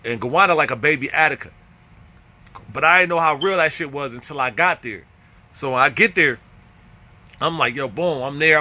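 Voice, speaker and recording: A man's voice: a little high, bright, forceful tone. A young adult man telling a casual, profane story, blunt and roasting people as he acts out his own lines. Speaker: vlogger telling prison stories.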